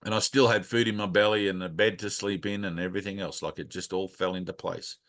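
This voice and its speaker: This is a man talking casually about spiritual life. His voice is bright and forceful. He is blunt and earthy, tosses in a curse now and then, and drifts from one aside to the next. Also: low-pitched, steady tone, fast. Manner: blunt and frank, swears freely, rambling with many asides. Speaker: spiritual teacher leading a satsang.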